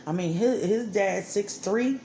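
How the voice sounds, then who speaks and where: A woman with a warm, mid-range voice speaks at a measured pace, angrily and profanely venting about her life and the father of her children. The monologue was captured in an echoey room with faint background noise.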